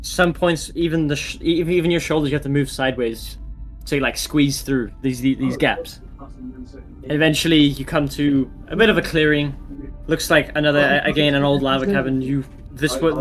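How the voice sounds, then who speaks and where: A man's voice: on the high side, steady tone, moderate pace, a bit bright, faint music behind. A man narrating as dungeon master in a tabletop game, talking with many restarts and fillers.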